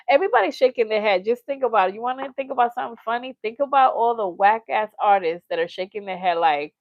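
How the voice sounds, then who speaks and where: A woman's voice: on the high side, quick pace, hardly any pauses, dry recording. Chatty woman livestream host, lo-fi. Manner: chatty and animated, laughs often, acts out quotes. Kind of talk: casual livestream chat, reading viewer comments. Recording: dull lo-fi sound, dry.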